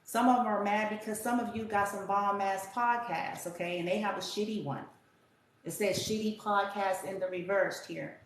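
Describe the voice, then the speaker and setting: A woman's voice: medium pitch, steady tone, moderate pace. A woman giving a casual tarot reading in a blunt, profane, rambling rant. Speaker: tarot reader. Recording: very echoey room with faint hiss.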